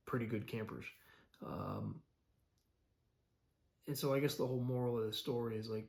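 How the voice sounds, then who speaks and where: A man's voice: medium pitch, darkish tone. A young adult man telling a story in a loose, rambling way, with many fillers and restarts, for a casual daily vlog. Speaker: vlogger.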